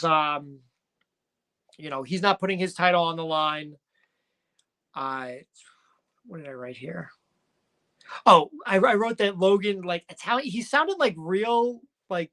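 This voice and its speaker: A man's voice: sits high, pushed and bright. Rambling joking man recapping wrestling. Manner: rambling, joking, self-correcting. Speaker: podcast co-host. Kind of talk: casual wrestling recap talk.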